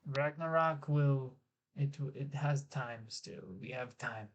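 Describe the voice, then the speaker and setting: Guy playing a tabletop game, halting, trails off quiet, average pitch. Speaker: player. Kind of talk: tabletop role-play.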